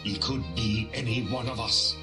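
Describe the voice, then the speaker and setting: A woman's voice: rumbling low, fairly even intonation, normal speed, over loud music, voice pushed down. A woman voicing a doom-laden movie-trailer narrator in a dramatic, portentous way. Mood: ominous.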